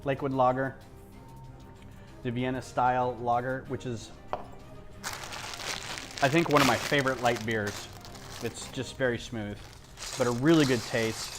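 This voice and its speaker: A man's voice: mid-range voice, fairly even intonation, measured pace, pauses often. A man with a mid-range voice chats casually on a home livestream while he builds. He wanders off on tangents and fills gaps with ums and restarts, with faint music playing behind him. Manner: rambling, drifts onto tangents and loses his thread. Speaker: livestream host.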